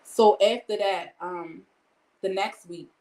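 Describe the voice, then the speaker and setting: A woman's voice: medium pitch, steady tone, slow, warm tone. Woman, mid-range voice, candid testimony, talks through events line by line, echoey room. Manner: retells events by quoting each exchange ("I said", "he said"); earnest and candid, often invoking God. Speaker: storyteller sharing a personal testimony. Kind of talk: casual spoken testimony.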